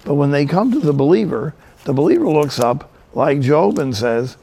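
An older man from New Jersey preaching a sermon, telling stories in a folksy, animated way. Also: a little high, normal speed, gravelly, breathy edge. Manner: storytelling, folksy and animated with quoted asides.

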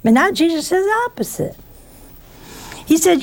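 A woman's voice: extremely high pitch, animated, normal speed, gravelly, pauses often. A woman giving a conversational sermon in a folksy way, full of rhetorical questions. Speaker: preacher.

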